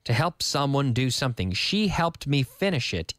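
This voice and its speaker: Animated male teacher, lively pitch. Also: moderate pace, dry recording, studio quality. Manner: animated, playful, switches between English and Spanish. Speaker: English teacher. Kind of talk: lively TV English lesson.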